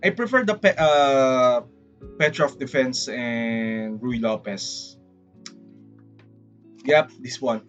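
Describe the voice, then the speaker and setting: A man with a Filipino accent chatting casually on a livestream, rambling and excitable, often saying "freaking". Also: mid-range voice, slow pace, long pauses, dull audio, faint music behind. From Philippines. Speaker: VTuber streamer.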